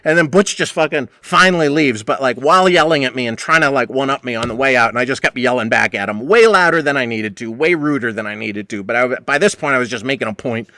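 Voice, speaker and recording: A man hosting a podcast, telling a rambling story with lots of swearing and animated re-enactment. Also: mid-range voice, quick pace, few pauses, no echo. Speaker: podcast host. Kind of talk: casual storytelling monologue.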